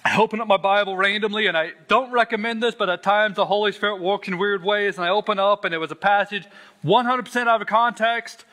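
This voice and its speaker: A man's voice: sits high, quick pace, sharp tone. A man earnestly telling his personal faith testimony, stressing words and repeating them for weight. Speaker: Christian sharing a testimony.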